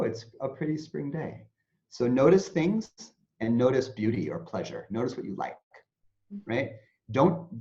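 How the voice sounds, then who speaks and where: Guy guest explaining mindfulness stuff, super lively voice, muffled lo-fi audio. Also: mid-range voice. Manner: animated, acts out anxious inner voices. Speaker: interview guest, mindfulness teacher. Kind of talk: explanatory interview talk. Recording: dull lo-fi sound.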